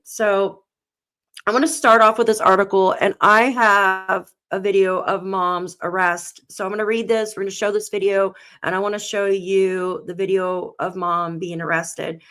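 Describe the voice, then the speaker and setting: A woman hosting a live true crime stream, her voice at an ordinary middle pitch. She greets her chat by name and reads a news report aloud, close to tears as she goes. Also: fairly bright tone. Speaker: true crime channel host.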